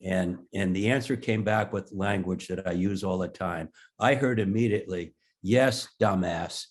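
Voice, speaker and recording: A man's voice: low voice, moderate pace. A man in his sixties, a guest in an interview, telling candid stories with blunt language and self-deprecating humor. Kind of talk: candid conversational storytelling.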